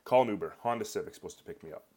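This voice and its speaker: Brief: young Canadian man, deep voice, rattles off an anecdote quickly. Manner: rambling, filler-heavy, animated. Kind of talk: casual personal storytelling.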